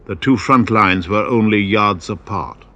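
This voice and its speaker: A man delivering scripted documentary narration in a measured, formal way. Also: on the low side, sharp tone.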